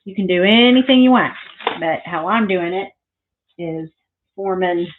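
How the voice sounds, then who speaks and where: A woman chatting casually through a crafting tutorial, rambling into side stories and filling pauses with lots of ums. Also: lowish voice, slight background noise. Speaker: craft vlogger. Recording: thin phone-like sound.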